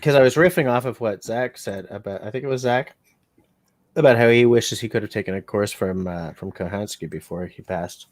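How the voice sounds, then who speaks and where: A man's voice: lowish voice, fairly quick, dry recording. A man hosting a casual bushcraft livestream, talking in a rambling, joking, self-mocking way. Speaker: bushcraft channel host.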